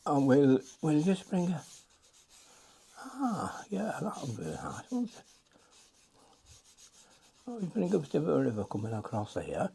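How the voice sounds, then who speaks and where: Gravelly older man teaching watercolour. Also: fairly high pitch, very animated, unhurried, long pauses, warm tone, a little hiss or hum. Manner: chatty, mutters to himself while painting. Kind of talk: casual painting demonstration.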